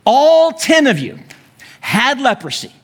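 An astonished priest, as a male preacher puts him on, fires off question after question in a high, strained voice. He sounds baffled and incredulous, pressing for answers. It is a sermon role-play. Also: very animated, takes it slowly, heavily acted.

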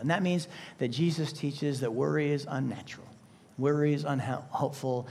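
A pastor with a slightly high, creaky voice preaches at normal speed, with a little hiss or hum in the audio. He's emphatic and leans on rhetorical questions, alternating loud bursts with soft asides.

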